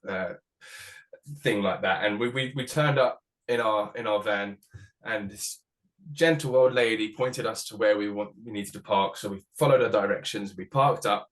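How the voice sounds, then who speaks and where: A musician being interviewed, talking casually with many restarts and the odd swear word. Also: male voice, mid-range voice, fairly bright tone. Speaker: musician guest.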